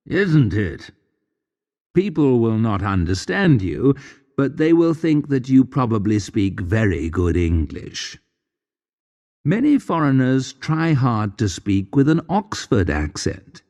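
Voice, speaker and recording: A man with a dark, low voice reads a story aloud for English learners, taking it slowly and deliberately. His intonation rises and falls in a lively way, and a long reverb trails after every phrase. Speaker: narrator reading a graded English story. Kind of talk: slow scripted story narration for learners.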